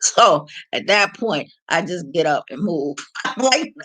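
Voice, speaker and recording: Lively, laughing woman telling stories. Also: fairly low pitch, measured pace, slightly rough. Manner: animated, laughing, frank and rambling with restarts. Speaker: vlogger. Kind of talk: casual storytelling.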